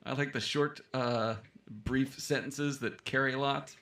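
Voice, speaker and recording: A man's voice: mid-range voice, fairly even intonation, unhurried, bright, forceful tone. A man co-hosting a newspaper podcast in casual chat, with dry, teasing asides. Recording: echoey room.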